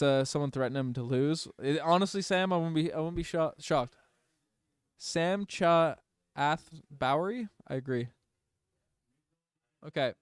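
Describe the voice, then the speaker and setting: A young man doing partisan fan play-by-play for a livestream, rattling off plays and breaking into loud, emotional outbursts. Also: a little high, clear, resonant tone, no room sound. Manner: partisan, swings between rapid calls and loud outbursts. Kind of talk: excited fan play-by-play commentary.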